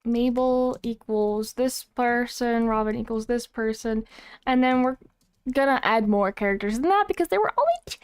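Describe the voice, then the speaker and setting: A woman's voice: fairly high pitch, expressive, normal speed, clean tone, no room sound, studio quality. A young woman streaming live, chatting casually and playfully teasing her chat. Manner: playful, teasing, self-mocking.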